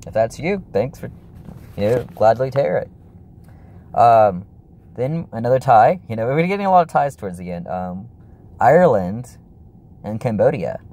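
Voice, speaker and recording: A man's voice: mid-range voice, expressive, a little slow, long pauses, mellow. A young man chatting casually in a vlog, rambling and apologetic, with lots of fillers and restarts. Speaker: YouTuber.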